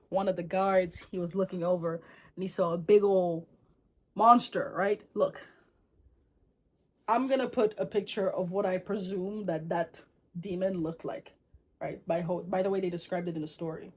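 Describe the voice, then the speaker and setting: A woman's voice: fairly low pitch, steady tone, moderate pace. A woman vlogger retelling a folktale in a chatty, slangy, digressive way. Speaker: storyteller vlogger.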